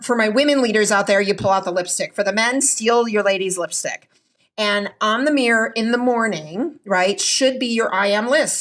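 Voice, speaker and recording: A woman physician and author as a podcast guest, talking in an energetic, emphatic way and often adding "right?". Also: medium pitch. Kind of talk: conversational interview storytelling.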